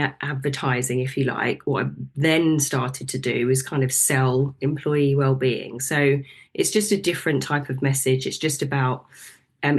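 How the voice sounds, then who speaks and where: A middle-aged woman, a nutritional therapist, talks through her path as a podcast guest in a reflective, practical way, with many fillers and restarts. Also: extremely low pitch. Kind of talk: podcast interview.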